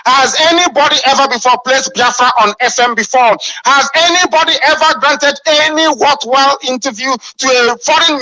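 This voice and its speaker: A man's voice: extremely high pitch, sharp tone, no echo, rough recording. A man delivering a fiery, scornful radio address full of rhetorical questions. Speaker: radio broadcaster.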